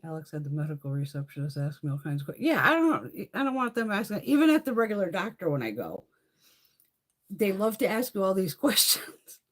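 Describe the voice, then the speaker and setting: A woman's voice: medium pitch, very animated, fairly quick. A woman in her fifties chatting casually on a makeup livestream, telling blunt, profane stories with frequent laughter and answering viewer comments.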